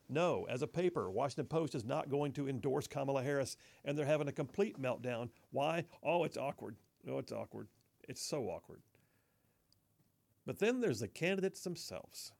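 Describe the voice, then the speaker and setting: A man hosting a political talk radio show, mocking and folksy, often saying y'all, speaking in a studio. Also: medium pitch.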